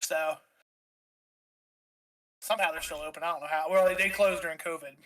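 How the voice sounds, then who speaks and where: A man's voice: a little high, fairly even intonation, fairly quick, fairly bright tone, rough recording. A man in his thirties, a streamer guest, telling a rambling story full of fillers and swearing. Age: 30s. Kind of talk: casual storytelling.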